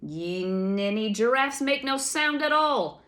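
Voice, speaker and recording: A woman voicing a gruff, blustering giant outlaw man with rough old-fashioned speech. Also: fairly high pitch, expressive, slow pace, fairly bright tone, voice pushed up.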